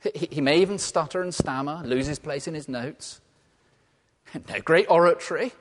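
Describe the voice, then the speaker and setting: A man from England preaching a sermon, lively and humorous, then dropping to quiet, earnest tones. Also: a little high, normal speed. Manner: animated, playful asides and laughter, drops to quiet earnest tones. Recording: long reverb of a large hall.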